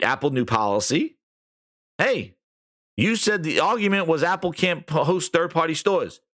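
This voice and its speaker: A man hosting a gaming podcast rants sarcastically, swearing and acting out mocking quotes. His voice is high and sharp.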